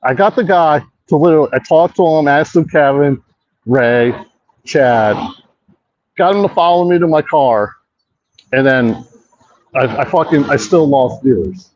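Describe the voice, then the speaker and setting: A man's voice: a little high, unhurried, pauses often, no echo, muffled recording. A man hosting a casual walk-and-talk vlog outdoors, rambling, swearing a lot and mocking himself. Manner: rambling, profane, self-mocking. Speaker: host. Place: outdoor park.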